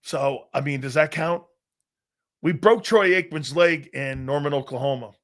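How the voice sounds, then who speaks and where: A man in his fifties, a former football player hosting a live sports talk show, telling stories in a profane, animated, laughing way. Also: a little high, moderate pace. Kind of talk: casual live-stream storytelling.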